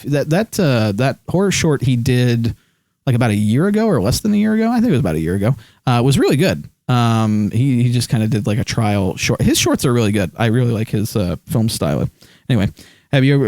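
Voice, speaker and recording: A male streamer talks loosely into a close desk microphone, drifting from thought to thought with plenty of ums and uhs. His voice sits at an ordinary middle pitch. The sound is dry, with no room echo. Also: a little mellow. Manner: rambling, many fillers, reads chat aloud. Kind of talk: casual live-stream chat.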